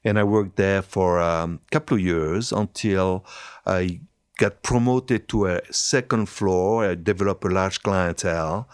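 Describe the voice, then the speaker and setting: A man in his seventies with a French accent, telling his story as a guest, chatty with halting restarts. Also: sits low, clean tone, no room sound, clean studio sound. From France. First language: Italian and French. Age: 70s. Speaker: hairstylist guest. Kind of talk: conversational interview.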